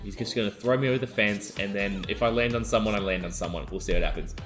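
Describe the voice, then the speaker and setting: A young adult man, co-hosting a podcast and telling a wild story in excitable casual chat. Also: fairly low pitch, fast, faint music behind. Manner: animated, excitable storytelling, yelling out quoted lines. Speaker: podcast co-host.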